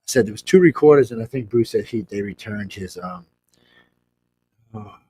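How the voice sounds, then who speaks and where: A man's voice: fairly low pitch, lively intonation, normal speed, mellow, husky. A man telling a long anecdote as a guest on a talk show, rambling, blunt and chuckling as he goes. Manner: rambling, chuckles through his story. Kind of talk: casual anecdotal storytelling.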